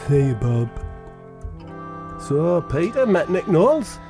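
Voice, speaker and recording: A man's voice: a little high, very animated, slow, vocal fry, over music. A man co-hosting a comedy podcast, rambling in character, his talk full of 'you know' and 'like'.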